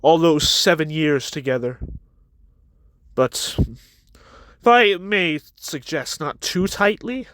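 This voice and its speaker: A smug, scheming young villain from a comic, read out by a man recapping it. He speaks in a mocking, self-satisfied way. The voice is bright and dry, recorded up close. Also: a little high, expressive, takes it slowly, long pauses, clean tone, no echo, pitched below the performer's own voice. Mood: sly.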